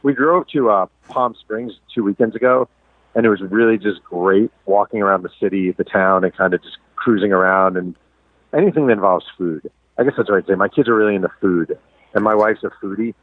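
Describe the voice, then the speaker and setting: A middle-aged man speaks as a guest on a call, his low voice thinned by a tinny phone line. He tells stories in a candid, self-deprecating way. The sound is dry, with no room around it. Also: brisk, dry recording. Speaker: guest, sports writer. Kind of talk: casual interview chat.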